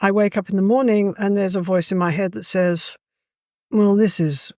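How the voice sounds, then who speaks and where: A warm, lively English guest tells chatty stories at a brisk clip, often dropping in "you know." Her pitch is an ordinary middle one. The recording is dry and close, with almost no room sound.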